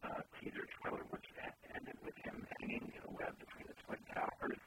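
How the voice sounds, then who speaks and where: A man co-hosting a casual podcast chat, talking haltingly with lots of restarts and fillers. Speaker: podcast co-host. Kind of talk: casual chat about movie trailers. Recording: loud background noise.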